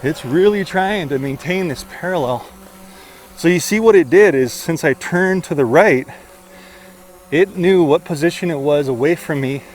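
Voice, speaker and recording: A man doing excitable, casual commentary outdoors while flying and chasing a drone, out of breath at times. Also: a little high, slight background noise. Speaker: drone reviewer. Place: outdoors among trees.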